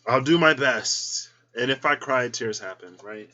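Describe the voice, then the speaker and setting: A man chatting casually in a vlog as a tarot reader, openly emotional and choked up, breaking into high squealed quotes of his own reactions. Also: measured pace, bright, forceful tone, lo-fi sound.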